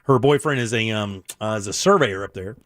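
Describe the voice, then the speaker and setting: A man's voice: on the low side, a little fast, fairly bright tone, no echo. A middle-aged man hosting a radio show in a studio, chatting casually, laughing often and restarting his sentences. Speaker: radio host.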